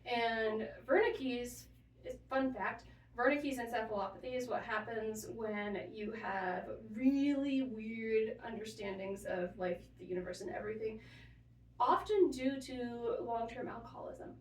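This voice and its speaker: Podcast co-host, woman, high voice, deadpan sarcasm, roomy distant mic. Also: unhurried. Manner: dry sarcastic joking. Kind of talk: casual chat.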